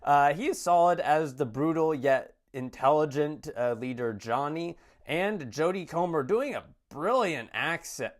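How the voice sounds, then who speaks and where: A man's voice: a little high, animated, unhurried, few pauses. A man giving a casual spoken film review, rambling with many fillers and restarts. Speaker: movie reviewer.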